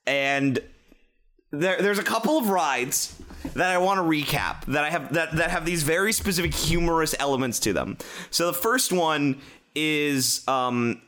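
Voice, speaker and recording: Male co-host, slightly high voice, loose rambling profane storyteller. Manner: rambling, profane, animated storytelling with many fillers. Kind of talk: casual chat.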